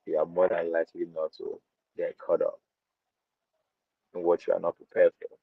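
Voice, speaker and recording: A man's voice: deep voice, monotone, moderate pace, gravelly, husky, dry recording. Nigerian male podcast host, punchy opinion talk with Pidgin asides, dry muffled recording. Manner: emphatic, mixes in Pidgin, repeats phrases. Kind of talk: opinionated commentary. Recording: dull lo-fi dry sound.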